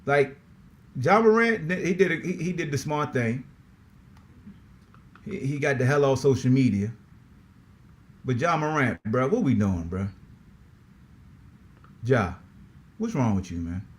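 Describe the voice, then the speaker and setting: A man hosting a sports podcast in a casual, slangy, animated way, often repeating himself. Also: mid-range voice, a little slow, pauses often. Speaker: podcast host.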